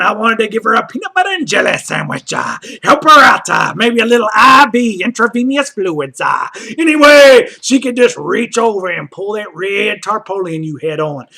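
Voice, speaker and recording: A man delivering a loud, mocking comedic rant, often shouting and rambling with lots of "uh" fillers. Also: very high-pitched, vocal fry. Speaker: comedic commentator.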